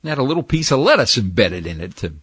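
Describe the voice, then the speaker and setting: An older man from New Jersey, recalling old jobs in a lively storytelling way and acting out the people in them. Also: medium pitch, fast talker, breathy edge, no room sound, studio quality. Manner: lively, acts out the people in his stories.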